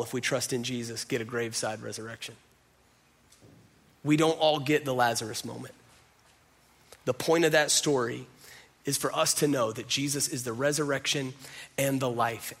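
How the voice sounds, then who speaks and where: A man pastor preaching a sermon, earnest and emphatic, who slows to soft, quiet lines at the close. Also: medium pitch.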